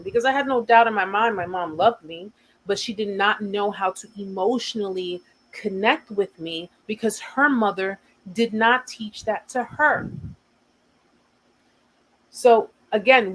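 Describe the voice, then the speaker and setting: The host of a survivor support livestream, an American-accented woman, speaks in a mid-range voice on a low-quality recording. Her casual stream is earnest in tone, and she repeats what she says for emphasis.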